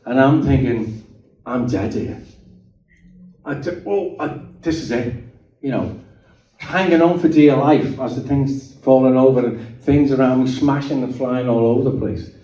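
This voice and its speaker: This middle-aged man, a guest speaker, recounts his testimony to a meeting-hall audience in a very dark, mellow voice of medium pitch and moderate pace. Chatty and prone to restarting, he keeps checking that people are with him. He sounds distant and dull, his voice echoing through the hall.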